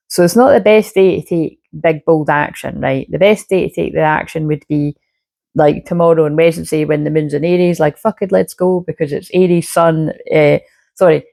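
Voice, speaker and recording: A woman's voice: low voice, creaky, a little mellow. A woman giving a casual, rambling astrology reading full of fillers. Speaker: spiritual reader.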